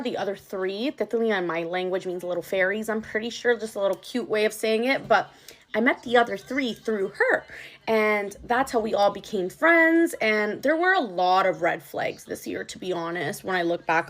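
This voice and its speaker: Young woman, vlogger, casual storytime, chatty, exasperated, mid pitch. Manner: chatty, animated, exasperated, heavy use of "like".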